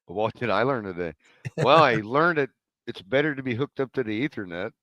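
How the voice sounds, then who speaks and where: A man's voice: medium pitch, animated, brisk, bright, forceful tone, dry recording, highs cut off. A man co-hosting a casual panel chat from his couch over a video call, asking blunt questions. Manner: curious, asks questions bluntly. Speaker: co-host. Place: home living room couch.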